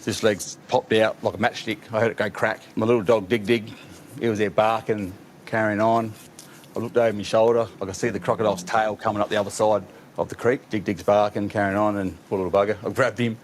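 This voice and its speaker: A man's voice: fairly low pitch, level tone, fast, a little hiss or hum. A man with an Australian accent recounting a survival story in plain, matter-of-fact slang. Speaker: crocodile attack survivor in a played clip. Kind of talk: telling a true story on camera.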